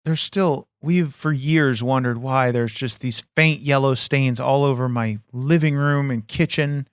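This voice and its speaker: A man's voice: medium pitch, unhurried, smooth, dry recording, clean studio sound. Brash, cussing male podcast host. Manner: brash, profane and exasperated. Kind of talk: comedy podcast banter.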